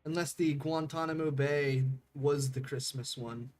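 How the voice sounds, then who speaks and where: Young male streamer, slightly high voice, loose rambling chat, faint music underneath. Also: steady tone, unhurried, a little mellow. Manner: rambling, laughing, swears freely. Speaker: game streamer. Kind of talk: casual stream chat with viewers.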